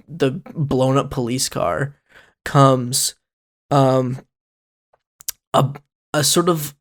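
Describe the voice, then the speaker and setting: Slow-talking male game master. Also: mid-range voice. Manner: unhurried, rambling, playful narration. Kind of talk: narrating a comedic tabletop game.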